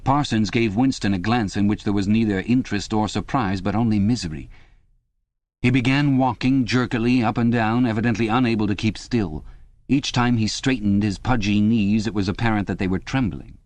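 A man giving scripted audiobook narration in an even, measured reading. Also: on the low side, no echo.

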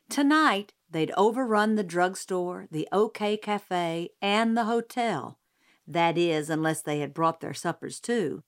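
A woman narrating an audiobook in a slow, deliberate way. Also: lowish voice.

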